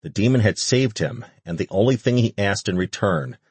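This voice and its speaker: Deep husky male audiobook narrator. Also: normal speed, darkish tone, dry recording. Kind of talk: scripted narration.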